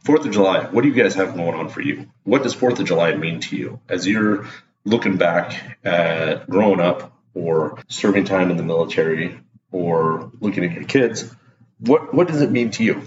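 Deep-voiced guy rambling excitedly on his podcast, dull echoey room, lots of hiss behind. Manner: excitable, rambling, self-deprecating. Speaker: podcast host. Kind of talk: casual solo podcast talk.

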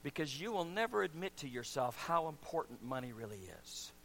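A man preaching a sermon as pastor, swinging from quiet, low asides to loud, shouted emphasis. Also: lively intonation, brisk, a little hiss or hum.

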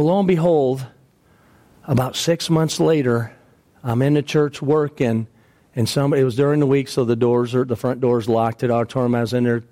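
A male pastor preaching a sermon, telling a story emphatically, repeating phrases and dropping his voice low and soft at the sad parts.

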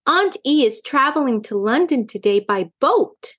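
A woman's voice: sits high, expressive, unhurried, husky, dry recording, studio quality, full character voice. A woman reading a storybook, voicing an eager young girl kitten who longs for adventure. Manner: wistful, adventurous.

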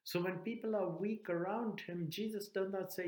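A man preaching a sermon, telling a parable with earnest, dramatic pauses. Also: sits high, steady tone, darkish tone, echoey room, rough recording.

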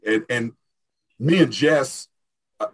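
A middle-aged man, a strength coach, telling stories in a lively interview and acting out the quoted dialogue. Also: mid-range voice, slow pace, husky. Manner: animated storyteller, acts out quoted dialogue. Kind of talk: fast casual interview talk.

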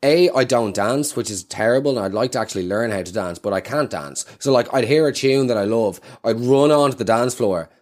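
A man's voice: medium pitch, brisk, few pauses, darkish tone. A man with a South Dublin Irish accent doing rambling, self-mocking stand-up comedy with plenty of swearing. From Ireland.

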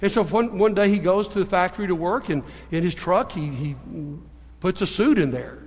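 A man with a high voice preaches in a church. He tells his stories in an animated way and swings from quiet to forceful. His voice rings with the long reverb of a large hall. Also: normal speed. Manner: animated storyteller, shifting between hushed and emphatic. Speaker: pastor. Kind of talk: sermon with storytelling.

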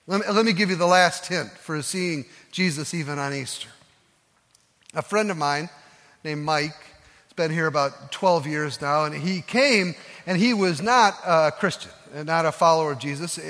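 Male pastor, sermon, earnest storyteller with slow soft emphases, high voice, church reverb. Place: church sanctuary.

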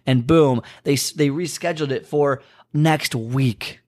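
Venting and wandering from topic to topic, a podcast host talks alone on his casual show and eventually turns to motivation. He has a medium-pitched voice and speaks fairly quickly.

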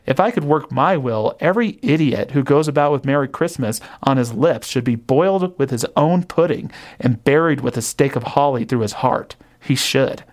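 A man's voice: mid-range voice, animated, normal speed, hardly any pauses, lightly acted. A man reading aloud and voicing a bitter, miserly old man who rants with contempt. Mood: scornful. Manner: contemptuous, ranting.

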